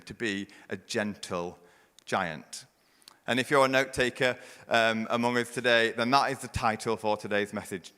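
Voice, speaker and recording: Man, pastor, sermon, mid-pitched voice, loud build-ups and soft hushed drops, long church reverb.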